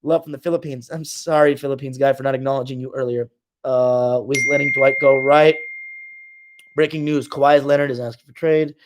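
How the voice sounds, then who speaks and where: A man's voice: mid-range voice, fairly even intonation, brisk, background noise. A young man hosting a casual live stream, reading comments aloud and trash-talking his viewers.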